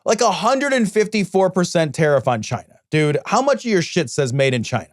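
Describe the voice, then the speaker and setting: A man's voice: high-pitched, sing-song, fairly quick, no room sound, studio quality. A man co-hosting a podcast, talking politics in a heated, crude and sarcastic way. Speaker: podcast co-host. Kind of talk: casual political chat.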